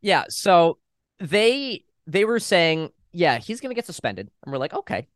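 Young guy on a podcast retelling a school story, kinda high voice, dry sound, quotes people, swears. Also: big pitch swings, a little slow, a bit bright, no echo. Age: young adult. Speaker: podcast guest. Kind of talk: casual storytelling.

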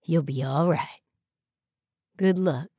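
Storybook: woman voicing a gruff, low, folksy farmhand, soft-spoken. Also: slow, dry recording, clean studio sound. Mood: low, steady. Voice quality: folksy, drawling.

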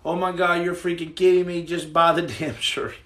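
A man hosting a casual livestream, reading viewer comments, joking loudly in slang and turning soft and earnest. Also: a little high, flat delivery, normal speed, roomy sound, far from the mic. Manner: boisterous, jokey, slangy, swings to soft earnest. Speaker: livestream host.

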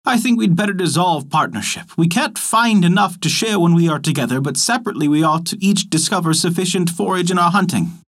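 A man's voice: high voice, lively intonation, a little fast, few pauses, a bit bright, pitched above the performer's own voice, full character voice. A man voicing a sly, peevish female cat in a storybook tale, speaking primly. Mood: scheming.

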